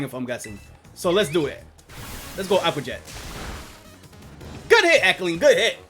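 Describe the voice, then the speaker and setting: A man's voice: high voice, sharp tone. A young man streaming a game, rambling casually with loose fillers and casual swearing. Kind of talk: casual gameplay commentary.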